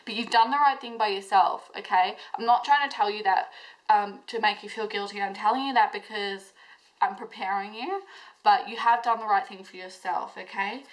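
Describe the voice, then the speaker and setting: A tarot reader doing a pick-a-card reading speaks straight to her viewers, emotional, intense and reassuring, with plenty of fillers. Her medium-pitched voice moves fairly quickly with fairly even intonation, and the audio is poor.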